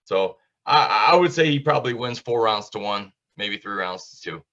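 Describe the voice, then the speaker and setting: A man's voice: on the low side, lively intonation, moderate pace, sharp tone. A man co-hosting a casual sports betting show, giving confident, opinionated fight picks. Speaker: co-host picking fights. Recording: dull lo-fi sound.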